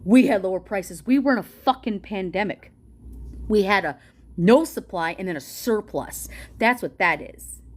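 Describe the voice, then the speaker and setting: A political commentator reads a policy document aloud in an angry, heated, profane direct-to-camera rant aimed at her viewers. Her mid-range voice moves at normal speed, and she is confrontational throughout.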